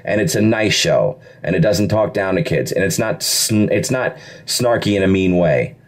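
A middle-aged man, a voice actor, telling stories in a casual interview with an animated, self-deprecating manner. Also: deep voice, normal speed. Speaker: voice actor guest.

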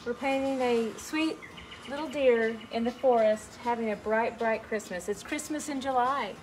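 A middle-aged woman with a fairly high voice, leading a live painting lesson. She talks gently and chattily through each brushstroke and greets viewers by name. A faint hum of room noise sits behind her. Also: normal speed, low-quality recording. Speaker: painting instructor. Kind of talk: live online painting class.

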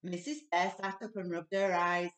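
A woman reading a children's picture book aloud with expressive delivery and playful sound effects. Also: lowish voice, normal speed. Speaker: storybook reader. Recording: echoey room, distant mic.

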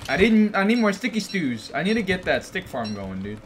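A man streaming gameplay, chatting casually with goofy, teasing banter and sudden excited outbursts. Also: high voice, a little fast, a little hiss or hum. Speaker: game streamer.

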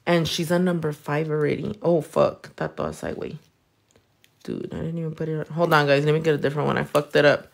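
A woman's voice: low-pitched, very animated, a little fast, gravelly. A woman from California with a Californian accent, chatting casually and playfully while doing nails. She swears freely and mixes Spanish words into her talk. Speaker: nail technician. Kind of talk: casual chat while working, reading comments.

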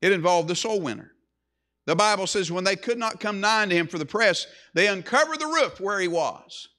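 A man's voice: high-pitched, animated, brisk, sharp tone. A man preaching a sermon as pastor, emphatic, with repeated phrases and swelling emphasis.

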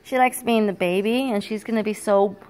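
A woman's voice: mid-range voice, steady tone, a little fast, darkish tone. An older woman, a grandmother, chatting casually at home into a handheld phone camera while giving firm, fond commands to dogs and children. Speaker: grandmother filming her granddaughters. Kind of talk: casual home video chat. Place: home, indoors.

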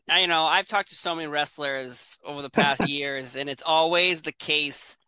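A male interviewer asking questions in an emphatic, lively way. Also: on the high side, a little slow, clear, resonant tone, no room sound.

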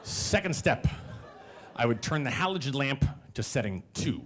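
A man in his forties telling a comic personal story live on stage, self-mocking, with animated quoted voices and audience laughter behind. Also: mid-range voice, normal speed, noisy background.

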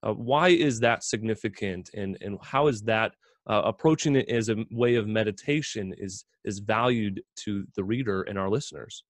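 A man's voice: lowish voice, moderate pace, no echo. Guy hosting a radio interview, chatty, lots of uhs, dry studio mic. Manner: conversational, many fillers. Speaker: radio host.

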